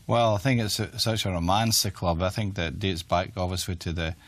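An older man with a Glaswegian accent, a retired football manager answering interview questions in a reflective, halting way with frequent restarts. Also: low-pitched, fairly even intonation. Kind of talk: interview conversation.

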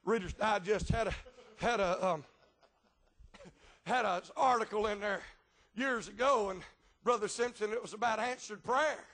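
A middle-aged man preaching a revival sermon, swinging between folksy storytelling in dialect grammar and chanted, shouted preaching punctuated by rhythmic "uh" breaks. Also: high voice, moderate pace, long pauses.

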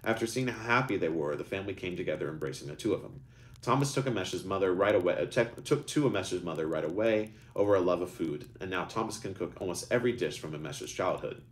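Deep-voiced man reading a storybook aloud. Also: fast. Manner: animated reading, raises pitch for characters, stumbles and restarts. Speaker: author reading his own book. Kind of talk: live book reading with character voices.

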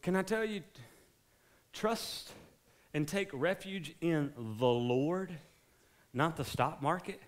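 A pastor, preaching a sermon in a joking, conversational way that builds to fervent exhortation. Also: male voice, a little high, slow pace, long pauses. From South Carolina, US.

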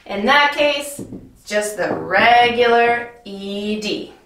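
A woman with a slightly high voice teaches a grammar lesson at an unhurried pace. She talks in a clear, patient way and keeps checking in with the listener. The room sounds echoey, and she is a little off mic. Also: expressive, a bit bright, far from the mic. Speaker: English teacher.

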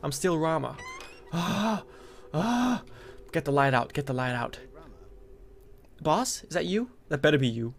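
A man commentating his play of a horror game, joking and cursing, and breaking into loud frightened yelps when scared. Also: fairly high pitch, normal speed, vocal fry, pauses often, a little hiss or hum. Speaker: gameplay commentator.

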